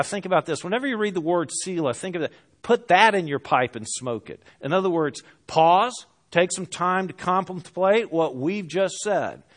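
A man preaching a sermon, reading scripture aloud and speaking with passion that swells and falls to hushed lows. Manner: impassioned, rising and dropping to hushed lows; reads scripture aloud in archaic phrasing.

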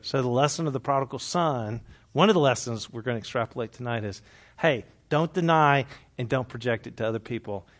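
Speaking briskly, a man runs a Bible study for a live audience in a conversational preaching style. He keeps things lively with jokes and questions for the group, but his voice turns soft and low for the earnest moments.

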